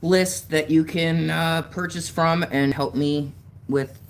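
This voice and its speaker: A man's voice: on the high side, fairly even intonation, slow, vocal fry, slight background noise. A man live-streaming while he paints. He chats casually with his viewers in a rambling, easygoing way, full of fillers. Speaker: artist livestreamer. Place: outdoors on a warm day.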